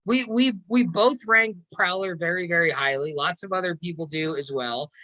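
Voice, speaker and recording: A man co-hosts a casual podcast in a bright, sharp voice. He is recorded close and dry, with no room sound. He talks quickly and laughs often, stumbling over restarts as he jumps in. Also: high voice, dry recording, rough recording. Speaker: podcast co-host. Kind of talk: casual chat about roller coasters.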